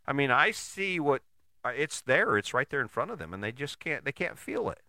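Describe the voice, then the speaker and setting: A man voicing a weary male God who muses aloud in halting, searching phrases. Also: medium pitch, big pitch swings, pushed and bright, dry recording, studio quality. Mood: puzzled.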